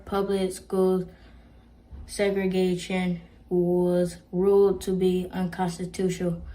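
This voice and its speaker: A woman reading a prepared history presentation at a church program in a steady, measured way. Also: fairly low pitch, rough recording.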